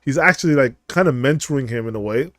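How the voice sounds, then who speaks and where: A young man commentating a game playthrough in a casual, animated, profane, laughing way. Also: mid-range voice, fast, no echo, clean studio sound. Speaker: streamer.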